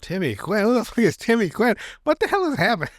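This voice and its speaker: A man's voice: sits high, sing-song, quick pace, dry recording, clean studio sound. A man co-hosting a podcast, chipping in with wry jokes and short reactions in a casual chat. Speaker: podcast co-host.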